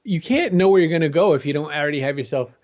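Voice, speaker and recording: A man's voice: on the high side, rapid-fire. A man as a guest in an interview, talking energetically and conversationally. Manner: energetic, conversational, jumps into quoted voices. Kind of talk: motivational interview talk. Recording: dull lo-fi sound.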